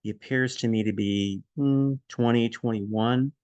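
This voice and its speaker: A man quoting a kind woman psychic who comforts a stranger, in a soft, hushed manner. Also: medium pitch, unhurried, smooth, dry recording, lo-fi sound, close to an everyday voice. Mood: soothing. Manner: soft, soothing, hushed retelling.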